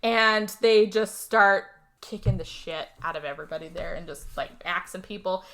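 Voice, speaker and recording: A young woman co-hosting a podcast, telling a movie plot in casual chat, animated and swearing, acting out the characters' lines. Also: on the low side, normal speed. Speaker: podcast co-host recapping a movie.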